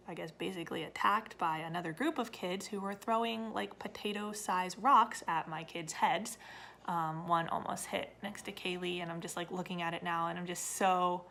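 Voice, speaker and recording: Bright, chatty young mom vlogging. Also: female voice, lowish voice, gravelly. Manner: chatty, rambling with fillers and laughs. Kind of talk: casual home vlog chat. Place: family home.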